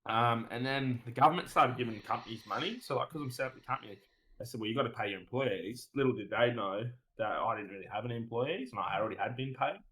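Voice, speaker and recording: An Australian man tells his stories as a podcast guest, rambling and swearing freely, tacking "mate" onto his sentences. His voice sits at an ordinary middle pitch for a man. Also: fast talker, fairly bright tone, slight background noise, poor audio. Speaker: guest streamer. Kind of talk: casual podcast interview.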